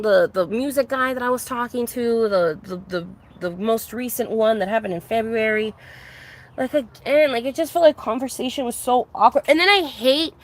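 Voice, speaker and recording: A woman ranting casually to her viewers, exasperated, swearing constantly and restarting her sentences. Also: a little high. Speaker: streamer. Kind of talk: casual venting monologue.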